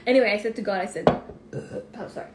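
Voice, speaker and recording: A woman, a life coach rambling excitedly and thinking aloud in a casual live stream from her phone. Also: mid-range voice, background noise. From Canada. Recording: roomy echo.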